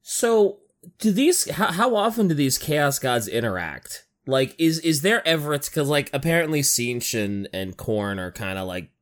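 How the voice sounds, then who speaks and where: A man in casual chat about game lore, animated, laughing often and asking questions. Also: on the high side, a little slow.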